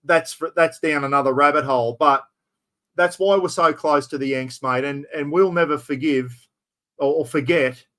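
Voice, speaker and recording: A man's voice: on the high side, moderate pace, bright, forceful tone. A middle-aged Australian man in casual chat, rambling and saying "mate" constantly.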